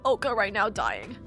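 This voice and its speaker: A woman's voice: medium pitch, a bit bright. A young woman streaming a story game, gushing and emotional as she talks, rambling through restarts. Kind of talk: casual live-stream commentary.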